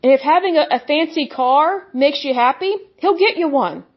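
A female preacher with a high, animated voice speaks at normal speed in a muffled recording. Her religious monologue burns with passion, and she's blunt and scornful, imitating her opponents in mocking voices.

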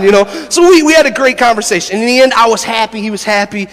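A man preaching a sermon, an animated storyteller who laughs through his stories and builds to shouted preaching. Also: high-pitched, quick pace, big-room sound. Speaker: pastor. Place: church sanctuary.

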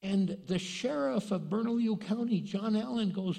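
A man's voice: high voice, normal speed, creaky, hardly any pauses, mellow. A man preaching a sermon as pastor, telling stories animatedly and acting out the voices of the people in them. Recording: long reverb of a large hall.

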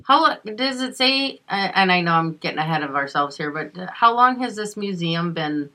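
A woman's voice: on the low side, lively intonation, moderate pace, pushed and bright. A middle-aged woman co-hosting a podcast in casual chat, chatty, laughing often and swearing freely. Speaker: podcast co-host.

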